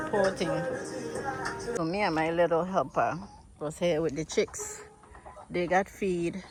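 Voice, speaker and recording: An American woman vlogging casually outdoors about her farm animals and plants, chatty and coaxing with the animals. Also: fairly low pitch. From United States. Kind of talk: casual vlog narration.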